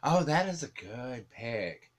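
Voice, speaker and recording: A man's voice: mid-range voice, big pitch swings, takes it slowly. A man co-hosting a horror web series in casual chat, playful and jokey, backing up his friend.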